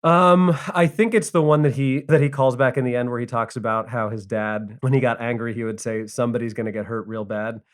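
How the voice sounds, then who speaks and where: A man speaks at a middle pitch in relaxed podcast talk. As a guest comedian he rambles in loose, friendly bursts, often restarting his sentences. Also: a little fast, hardly any pauses, clean tone. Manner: chatty, many fillers and restarts. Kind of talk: casual podcast chat.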